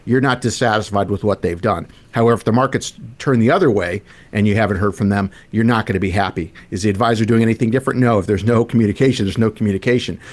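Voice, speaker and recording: A man's voice: on the low side, fast, few pauses. A man from Arizona, a financial planner, talking loosely on a radio show with many "you know" fillers. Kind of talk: radio talk show chat.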